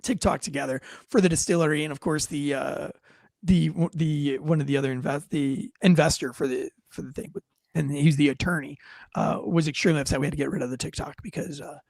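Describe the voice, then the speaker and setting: A man's voice: on the high side, steady tone, fairly quick, creaky, a little mellow, no room sound, clean studio sound. A middle-aged man hosting a casual live chat, telling rambling, profane stories and acting out what people said. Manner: rambling storyteller, swears freely, acts out quotes. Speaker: host, former police officer.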